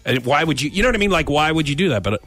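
A man co-hosting a radio show, telling a funny personal story in a casual, animated way and acting out his own lines. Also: a little high, very fast, soft background music.

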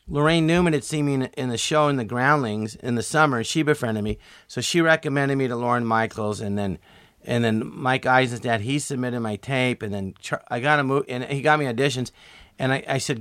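A middle-aged man telling stories as a comedian guest in an interview, acting out quotes with sudden jumps in pitch. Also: a bit bright, no room sound, studio quality. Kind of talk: storytelling interview.

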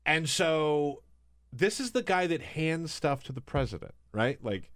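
Animated sarcastic male podcast host. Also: on the high side, a little slow. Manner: sarcastic, animated, laughs often. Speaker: guest host. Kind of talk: casual political podcast chat.

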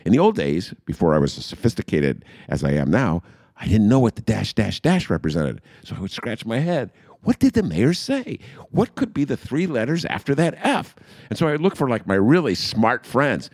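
A middle-aged man riffs on politics as a podcast host, sarcastic and mocking. His voice is low and gravelly, and it swings widely in pitch. The recording is dry and close. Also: sing-song, normal speed, no echo. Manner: sarcastic, riffing, mocking quotes in funny voices. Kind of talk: casual political commentary.

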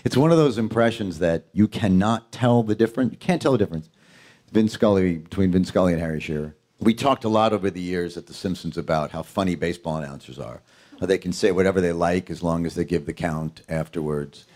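A man from Queens, an actor, chatting as a guest in a jokey, animated way and slipping into impressions. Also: low voice, brisk. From Queens, New York. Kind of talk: casual interview chat.

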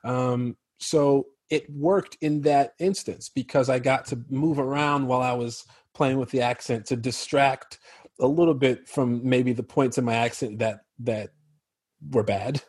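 An American man from Chicago chats as an interview guest, his voice slightly husky and recorded close and dry. He tells his stories with animation and laughs often. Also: mid-range voice, steady tone, a little slow, a little mellow, dry recording. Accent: General American. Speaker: actor guest. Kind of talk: casual interview chat.

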